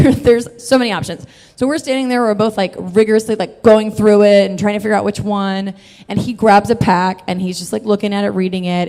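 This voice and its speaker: Woman storyteller, mid pitch, loose and giggly, cusses, live hall reverb. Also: a little mellow. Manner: chatty, laughs often, swears freely.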